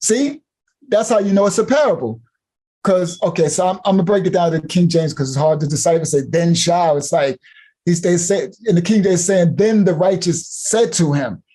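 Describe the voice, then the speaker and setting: A man preaching an emphatic sermon in casual vernacular speech, repeating and hammering his points and rising now and then to shouts. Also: sits high, moderate pace.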